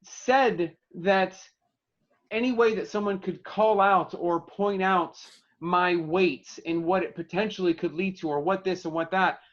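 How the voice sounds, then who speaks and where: A man who is a podcast guest, talking casually and hesitantly, often pausing to search for words. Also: high-pitched, a bit bright. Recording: dull lo-fi sound.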